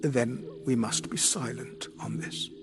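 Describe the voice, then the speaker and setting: A man voicing a guarded, solemn male alien servant who speaks slowly and quietly. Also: mid-range voice, background noise, close to an everyday voice.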